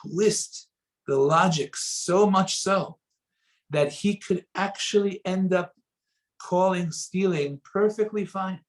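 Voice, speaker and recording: A man giving a spoken Torah lesson, telling stories and acting out the quoted voices with sudden swings between loud and soft. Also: high voice, takes it slowly, poor audio. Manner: animated, acts out quoted voices with sharp rises and drops in loudness. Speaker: rabbi teaching a Torah lesson.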